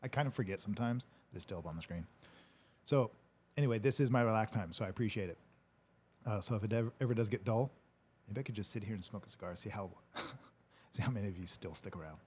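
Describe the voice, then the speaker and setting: A man's voice: on the low side, fast talker, a little mellow, a little hiss or hum. A man hosting a casual livestream, reading viewer comments in a laid-back, joking way and swearing now and then. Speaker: podcast host reading live comments. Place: home studio.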